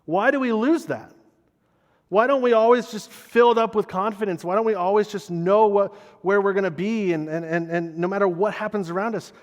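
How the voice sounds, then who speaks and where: A pastor delivers a conversational sermon in a high-pitched voice at a moderate pace, his words echoing through a large hall. He sounds earnest and personal, and he often repeats words as he starts a thought over.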